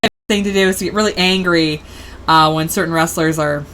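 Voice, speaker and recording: A woman's voice: deep voice, fairly even intonation, quick pace, very noisy. A woman hosting a casual livestream, rambling through tangents and laughing often. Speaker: host.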